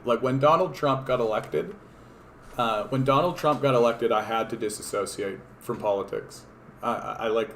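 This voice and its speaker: A man's voice: mid-range voice, fairly bright tone, slight background noise. Rambling, profane male livestream host. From Canada. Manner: rambling, profane, with many fillers and restarts; sardonic. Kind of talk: casual livestream commentary.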